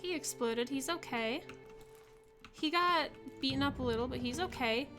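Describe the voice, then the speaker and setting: A woman streaming a puzzle game, talking through her guesses in a loose, playful, chatty way. Her voice sits fairly high, with faint game music and keyboard clicks underneath. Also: normal speed. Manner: playful, chatty, riffing with chat. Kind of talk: casual gameplay commentary.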